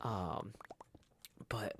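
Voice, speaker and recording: A man's voice: fairly low pitch, extremely slow, gravelly, background noise. A man hosting a casual livestream, talking in a rambling, irritated way with many restarts. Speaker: livestream host.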